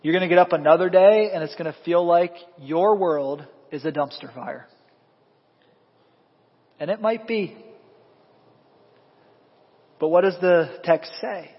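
Husky-voiced male pastor preaching in a hall. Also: high-pitched, measured pace, pauses often. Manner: animated preaching, quizzing the congregation. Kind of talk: sermon. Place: church sanctuary. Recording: echoey hall, dull lo-fi sound.

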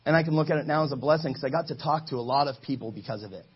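A man in his thirties preaching a sermon to his congregation in a church, energetic and exhorting, calling for answers from the pews. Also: medium pitch, racing, husky, highs cut off. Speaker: pastor. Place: church sanctuary.

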